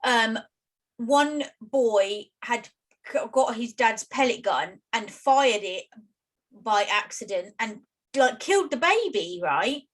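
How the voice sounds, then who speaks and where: British female co-host, chatty expressive storyteller, fairly high pitch. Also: slow, low-quality recording. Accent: British English. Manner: chatty, expressive, with many fillers and asides. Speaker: podcast co-host. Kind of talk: casual storytelling chat.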